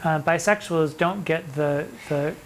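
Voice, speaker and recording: A middle-aged drag performer giving a theatrical, mock-indignant commentary on sonnets, reading the verse slowly between asides. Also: mid-range voice, a little hiss or hum, poor audio. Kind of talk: animated poetry commentary.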